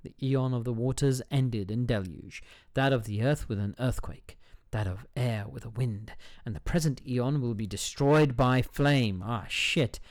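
Man, podcast host, reads a book aloud, trips over words, curses at himself, joking asides, mid-pitched voice, dry close sound. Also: measured pace, hardly any pauses, no room sound. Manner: stumbles over hard words and swears at himself. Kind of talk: casual solo podcast, reading a book aloud.

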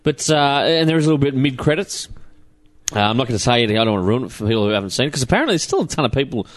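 An Australian man chats on a podcast with a voice that rises and falls in a lively way. He talks casually and keeps laughing and dropping slang. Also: medium pitch, rapid-fire. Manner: lively, chatty, laughs often, drops slang. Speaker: podcast co-host, comic shop owner.

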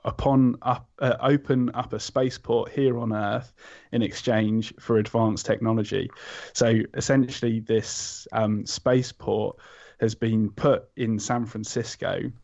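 Gravelly podcast guest, halting delivery full of ums; dull lo-fi recording. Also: male voice, medium pitch, steady tone, darkish tone. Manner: hesitant, many ums and restarts. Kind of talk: casual chat recommending a comic. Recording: slightly dull lo-fi sound.

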